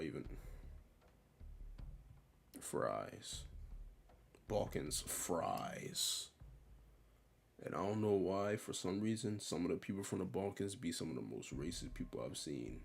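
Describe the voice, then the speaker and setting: A man's voice: low voice, creaky, a little mellow, a little hiss or hum. A young man giving casual, rambling commentary while ranking a tier list, in a slangy and offhand way.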